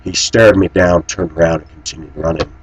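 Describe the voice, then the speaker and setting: Low husky-voiced man, indignant. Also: fairly even intonation, a little fast, low-quality recording. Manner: indignant, preachy storytelling. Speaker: vlogger. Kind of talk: personal commentary monologue.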